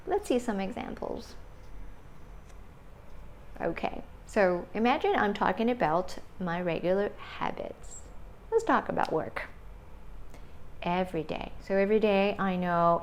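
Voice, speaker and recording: A woman teaching an English grammar lesson, explaining slowly step by step and checking in with "right?". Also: medium pitch, creaky, darkish tone, slight background noise. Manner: slow, deliberate explaining with frequent "right?" checks.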